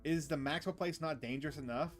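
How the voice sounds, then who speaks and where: A man's voice: fairly high pitch, fast talker, faint music behind, natural voice. A man reading the lines of a responsible young woman who scolds her brother and a group of teens in a horror visual novel. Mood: scolding. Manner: lecturing, exasperated.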